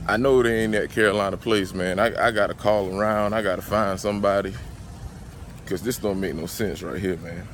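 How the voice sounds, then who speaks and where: A man's voice: on the low side, slight background noise. A man with a Southern US accent ranting in a casual sneaker vlog from his car, agitated, slangy and profane. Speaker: sneaker vlogger.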